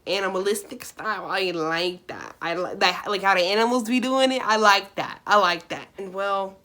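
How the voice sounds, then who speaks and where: A young woman on YouTube reading fan fiction aloud, breaking off into blunt, sarcastic asides and sudden loud outbursts. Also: medium pitch.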